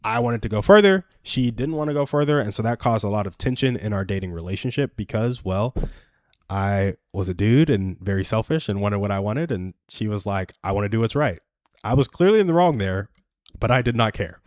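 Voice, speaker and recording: A man's voice: fairly low pitch, expressive, a little fast, dry recording, clean studio sound. A young man hosting a livestream, telling a personal story in earnest, chatty advice talk. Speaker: livestream host. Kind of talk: casual advice chat.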